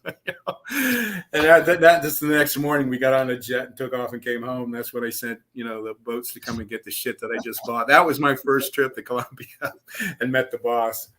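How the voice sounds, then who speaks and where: A man tells his story as a guest over a video call, swearing freely and chuckling between lines. His voice is bright and forceful, with a middle pitch for a man. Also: steady tone, a little fast. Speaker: guest, author telling his own story. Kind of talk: casual storytelling.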